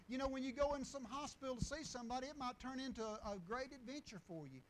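A man preaching in a loose, storytelling style. His voice sits high for a man, and he circles back over his words with restarts and chuckles. A faint hum of ambience sits behind him. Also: fast talker, hardly any pauses, rough recording. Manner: folksy, rambling with restarts and chuckles. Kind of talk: storytelling sermon.

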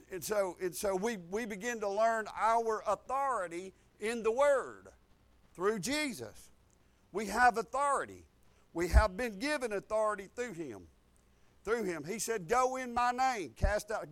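High-voiced folksy preacher. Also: male voice. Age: 50s. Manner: folksy, repeats phrases, rising to loud declarations. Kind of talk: sermon.

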